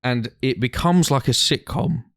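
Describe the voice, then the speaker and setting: Animated man telling a story. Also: medium pitch, a little slow, creaky, dry recording, studio quality. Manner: animated, swears freely, acts out friends' lines. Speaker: podcast co-host. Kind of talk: casual storytelling chat.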